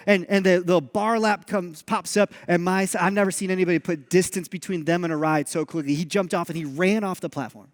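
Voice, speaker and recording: Animated high-voiced male preacher. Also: long reverb tail. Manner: animated storyteller, acts out dialogue. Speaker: pastor. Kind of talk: sermon. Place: church sanctuary.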